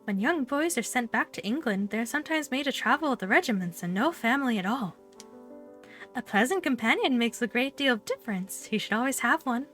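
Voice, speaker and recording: A woman voicing a polite young girl at boarding school who speaks in a proper, thoughtful, gentle way. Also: fairly high pitch, animated, a little fast, soft background music. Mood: earnest.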